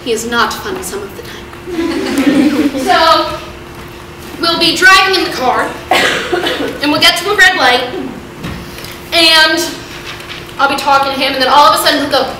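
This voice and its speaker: A woman's voice: high-pitched, unhurried, pauses often. A seventeen-year-old girl performing a one-woman comedy show, ranting in an exasperated, self-mocking way. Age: teens. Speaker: solo stage performer. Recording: echoey hall from far off, loud noise.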